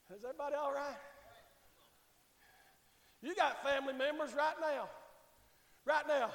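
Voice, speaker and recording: Male pastor, fiery revival preaching that swings from quiet to shouting, high-pitched, roomy church echo. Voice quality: shouting Southern preacher, swings from hushed to hollering. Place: church sanctuary. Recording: echoey church hall reverb.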